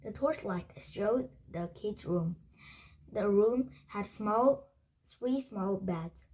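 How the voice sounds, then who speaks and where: Give me a woman reading a children's book aloud, slow and halting, with a breathy voice. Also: medium pitch, dark tone, low-quality recording. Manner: halting, with frequent restarts and slips. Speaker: storybook reader.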